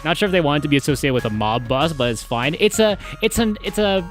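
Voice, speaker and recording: Lively rambling male streamer. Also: on the high side, quick pace, faint music behind. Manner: rambling, laughs often, restarts. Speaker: streamer and charity host. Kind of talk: casual live-stream chat.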